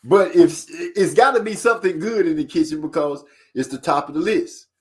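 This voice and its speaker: A man's voice: fairly high pitch, moderate pace. A man hosting a casual stream who playfully reads viewer comments aloud. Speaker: host reading chat comments. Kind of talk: casual chat.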